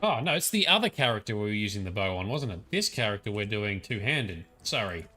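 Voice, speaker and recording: A man's voice: fairly low pitch, big pitch swings, fairly quick, sharp tone, soft background music. A young man with an Australian accent, chatting and thinking aloud while streaming a game, often laughing. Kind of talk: live-stream gameplay commentary.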